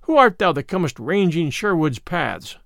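A bold, blustering outlaw, put on by a man reading aloud, booming out old-fashioned threats. The voice runs high and lively, with a dry, close sound. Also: moderate pace, gravelly, no echo, full character voice. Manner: loud, blustering archaic speech.

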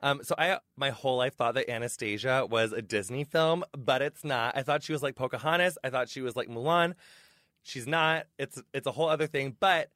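A man's voice: medium pitch, brisk, fairly bright tone, no room sound, studio quality. Effusive gushing man hosting a podcast. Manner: effusive, gushing, heavy on "like" fillers. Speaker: podcast host. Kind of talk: casual chatty interview. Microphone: studio headphones and mic.

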